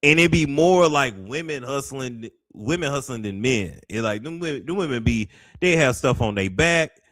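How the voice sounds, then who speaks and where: A man streaming casual commentary on travel clips, animated and chatty. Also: mid-range voice, normal speed, no room sound, clean studio sound. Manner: animated, drops to near whispers when imitating soft speech.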